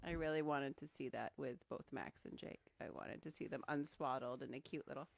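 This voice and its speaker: A woman's voice: a bass voice, fairly quick, vocal fry, no room sound. A young adult woman co-hosting a podcast, playful and teasing in casual chat. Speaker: podcast co-host. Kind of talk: casual chat recapping a sitcom.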